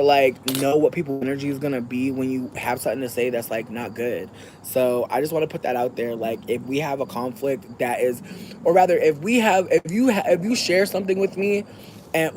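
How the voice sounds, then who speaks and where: A young adult podcast host telling a story in a casual, profane way, moving from soft-spoken to shouting. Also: mid-range voice, slight background noise.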